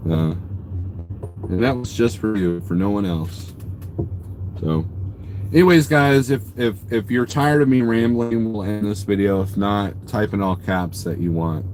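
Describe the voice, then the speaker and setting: A man's voice: lowish voice, a little slow, darkish tone, soft background music. A man live-streaming from his parked truck at a truck stop, casually rambling, joking and teasing viewers as he reads their comments. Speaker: trucker livestreamer.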